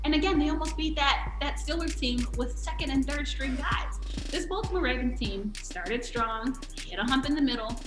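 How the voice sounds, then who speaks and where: A woman from the DC area giving an animated, emphatic sports breakdown in casual talk. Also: a little high, reverberant, poor audio. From DMV area, US. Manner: animated, emphatic, laughs often. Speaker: guest sports analyst.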